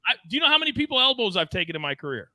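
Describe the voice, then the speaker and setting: Bright animated male sports host. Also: high voice, rapid-fire, dry recording. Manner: animated, storytelling, teasing co-hosts. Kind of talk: sports betting show banter.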